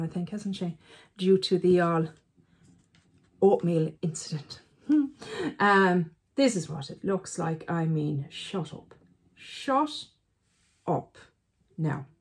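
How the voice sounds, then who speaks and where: A woman with a husky, slightly breathy voice chats her way through an eyeshadow review at home. She rambles, jokes at her own expense and talks to herself between thoughts. Her pitch sits in an ordinary middle range. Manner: chatty, self-teasing, talks to herself. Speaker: beauty vlogger. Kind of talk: casual chat reviewing eyeshadows.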